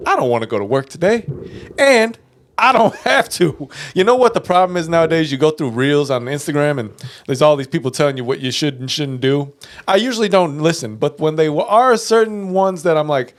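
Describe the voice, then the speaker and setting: Male podcast co-host, slightly higher voice, blunt, profane, quick to laugh. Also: expressive. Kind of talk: casual chat.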